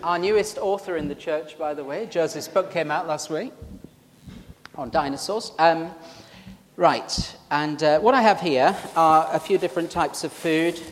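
Man, Yorkshire accent, preacher, informal joking sermon, slightly high voice, long church hall reverb. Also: a little slow, slight background noise. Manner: chatty, joking, self-deprecating. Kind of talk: informal sermon with congregation interaction. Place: church service.

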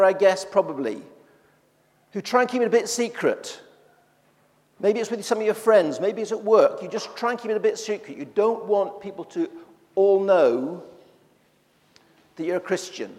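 A man's voice: high-pitched, animated, moderate pace, a little mellow, in a large hall. A man preaching a sermon in a church, talking in a conversational way with frequent restarts.

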